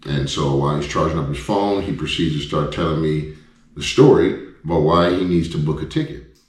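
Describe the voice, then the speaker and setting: Man, travel vlogger, very deep voice, blunt casual storytelling, echoey room. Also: a little fast. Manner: animated, blunt, conversational.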